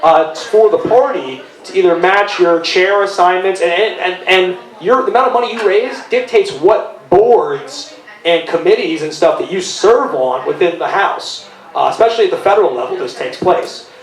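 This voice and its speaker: A man hosting a casual live podcast in a bar, talking fast with lots of restarts. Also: high-pitched, animated. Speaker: podcast host. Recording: echoey live room.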